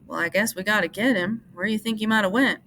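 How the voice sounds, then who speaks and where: A woman voicing a calm, steady ranch leader who speaks quietly and in a measured way. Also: mid-range voice, slight background noise, voice pushed up, lightly acted. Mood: grave.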